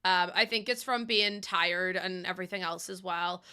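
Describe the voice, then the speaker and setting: A young woman streaming a game, chatting quickly with her viewers while feeling a bit run down. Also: on the low side, bright, forceful tone, clean tone. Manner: fast-talking, chatty. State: under the weather, a bit run down. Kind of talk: casual live-stream chat while playing a game.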